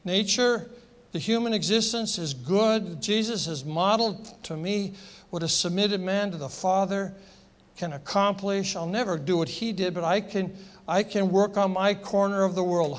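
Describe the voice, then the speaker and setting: A middle-aged man preaching a sermon as pastor, passionate and emphatic, repeating phrases for force. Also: sits high.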